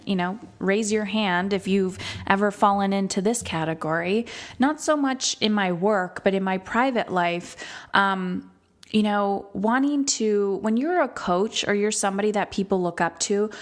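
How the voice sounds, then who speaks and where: A woman hosting a solo podcast as a coach, speaking candidly and emphatically and swearing freely. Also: medium pitch.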